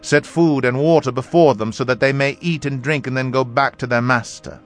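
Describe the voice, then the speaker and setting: A man voicing a calm, commanding male prophet in a measured, solemn read. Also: medium pitch, natural voice. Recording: faint music behind.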